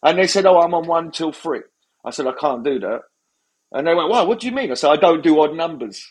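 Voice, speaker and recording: Husky man telling jokey stories. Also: on the high side, lively intonation, fairly quick. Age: middle-aged. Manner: jokey storyteller, sarcastic, swears casually. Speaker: guest DJ. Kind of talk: casual interview anecdotes.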